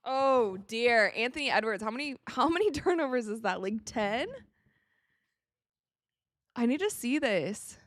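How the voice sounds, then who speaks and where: Tired yawning woman from the us reacting live to a game, excitable, laughs a lot, dry mic. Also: fairly high pitch, no echo. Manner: chatty and excitable, quick reactions, frequent laughter. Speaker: live-stream sports commentator. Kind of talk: casual watch-along game commentary.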